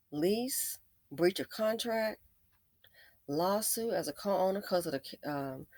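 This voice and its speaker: A woman hosting an opinion commentary, sarcastic and emphatic, swinging between loud stresses and low muttered asides. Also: no echo. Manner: sarcastic and emphatic, with repeated jabs. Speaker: commentary channel host.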